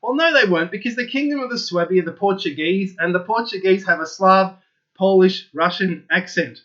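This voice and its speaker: A man with a high, bright voice talks straight to his viewers in an eager, insistent monologue, repeating himself as he presses each point. The recording sounds dull and lo-fi. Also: brisk. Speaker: channel host. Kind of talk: opinionated solo monologue to viewers.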